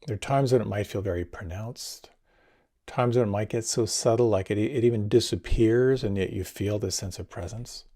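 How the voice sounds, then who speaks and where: A man giving a talk as a meditation teacher, leading a guided meditation in a gentle, unhurried, soft-spoken way. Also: lowish voice.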